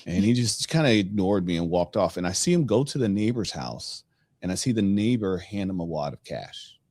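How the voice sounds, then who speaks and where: A middle-aged man hosting a podcast, telling a personal story in a casual, animated way and acting out the dialogue. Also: sits low, normal speed, no echo. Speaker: podcast host.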